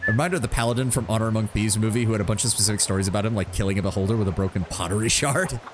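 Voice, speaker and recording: A man's voice: on the low side, very fast, over music. A man giving chatty, joking commentary while streaming a video game. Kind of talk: live gameplay commentary.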